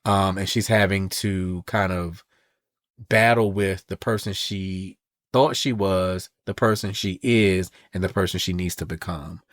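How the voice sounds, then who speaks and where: Sassy guy recapping comics on a podcast, lowish voice, dry. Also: a little slow, no echo. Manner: animated and sassy, reads quotes in voices. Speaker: podcast co-host. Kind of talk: casual comic book recap.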